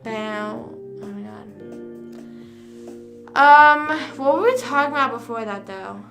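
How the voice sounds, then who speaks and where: Woman streamer, casual rambling chat, swears freely; pitched a bit high, soft music underneath. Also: slow. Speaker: live streamer.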